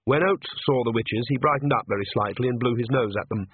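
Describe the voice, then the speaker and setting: A man narrating a novel in a measured, dryly wry storytelling manner. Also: medium pitch, breathy edge, no room sound. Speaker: audiobook narrator. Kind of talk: scripted narration. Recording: tinny phone-like audiobook recording.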